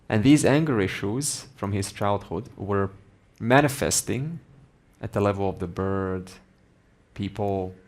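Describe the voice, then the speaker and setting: A man teaching Vedanta, telling a story in a measured, gently emphatic way. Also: on the low side. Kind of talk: storytelling in a spiritual lesson.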